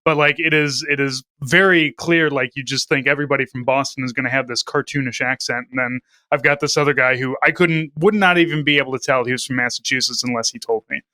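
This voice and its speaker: Bright, clear-voiced man from St. Louis. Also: mid-range voice, steady tone, quick pace, hardly any pauses, no echo. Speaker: podcast co-host. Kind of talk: casual chat.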